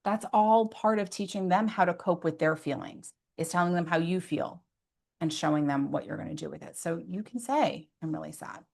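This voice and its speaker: A woman's voice: lowish voice, normal speed, gravelly, darkish tone. A woman giving parenting advice in an earnest, conversational way, often adding "like" and "right?" as asides. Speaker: behavior specialist.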